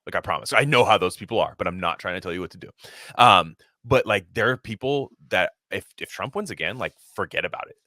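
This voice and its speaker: A man co-hosting a podcast, talking in a rambling, halting, profane casual chat. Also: lowish voice, expressive, bright, forceful tone, dry recording, studio quality. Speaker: podcast co-host.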